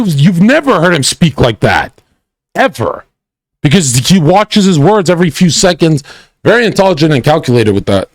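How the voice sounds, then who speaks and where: A man's voice: a little high, no room sound. A man ranting and mocking as he reacts to a video on a livestream, crude and profane.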